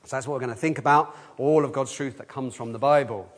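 A man leading a children's talk in church, lively, asking the room questions and leading call-and-response answers. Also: mid-range voice, fast. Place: church hall. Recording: long hall reverb.

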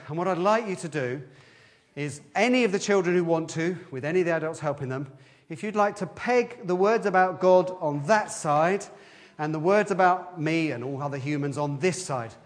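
A man giving a lively, interactive children's talk in a church service, quizzing the children as he goes. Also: sits high. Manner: lively, questioning the children, quick asides.

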